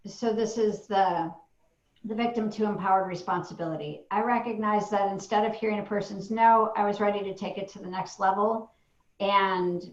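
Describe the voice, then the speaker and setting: A woman's voice: mid-range voice, reverberant, dull audio. A woman, a parent taking part in a coaching training, sharing candidly and self-deprecatingly with many fillers over a video call.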